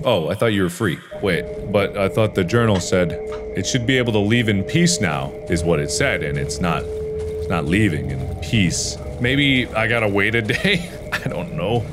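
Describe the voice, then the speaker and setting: A man hosting a horror game playthrough, talking casually and swinging from low mumbles to panicked yelps. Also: normal speed, over music. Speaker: gaming video host.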